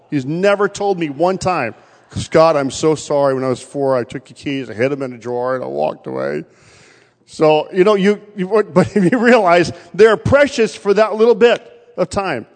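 A man preaching a sermon in a church, moving between loud declarations and quiet storytelling. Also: high voice, in a large hall. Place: church sanctuary.

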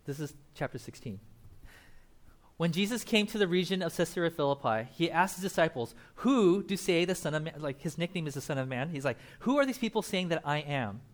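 In his role as pastor, a young man gives a relaxed, animated sermon, bringing Bible characters to life and laughing a lot. He speaks a little fast, and his pitch is a little high.

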